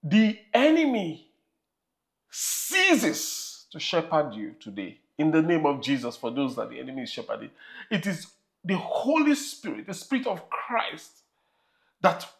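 Slow, animated Nigerian-accented preacher. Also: mid-range voice. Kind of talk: sermon.

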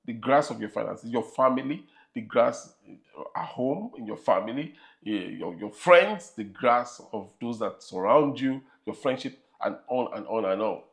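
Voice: mid-range voice, animated, normal speed, gravelly. A preacher with a Nigerian accent delivering an emphatic sermon and repeating phrases for emphasis.

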